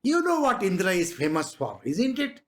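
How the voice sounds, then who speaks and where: Lively man giving a spiritual discourse. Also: high voice, moderate pace. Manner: conversational, rhetorical questions, chuckles often. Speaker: spiritual teacher.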